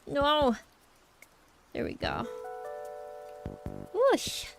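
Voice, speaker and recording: Norwegian girl streaming her art, slow rambly chat to viewers, kinda high voice, faint music behind. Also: huge pitch swings, vocal fry. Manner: rambling, chatty, addresses chat directly. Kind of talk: casual chat while drawing.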